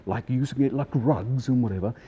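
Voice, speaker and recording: Man putting on a squealy gossiping coworker girl, loud and shocked, dull audio. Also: mid-range voice, fairly quick, husky, pitched above the performer's own voice. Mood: scandalised. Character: excited young woman coworker, breathless gossip.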